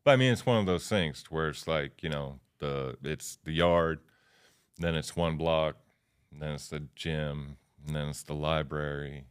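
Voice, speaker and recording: A man's voice: rumbling low, a little slow, clean tone. A man in his fifties, a podcast guest, telling stories in a loose, slangy way with lots of fillers. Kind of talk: casual storytelling.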